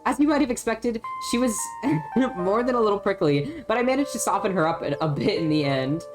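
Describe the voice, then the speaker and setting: A woman's voice: medium pitch, animated, a little fast, music in the background, pitched above the performer's own voice, close to an everyday voice. A woman voicing a friendly young woman from a small town, reading the game's dialogue aloud in a chatty, welcoming way.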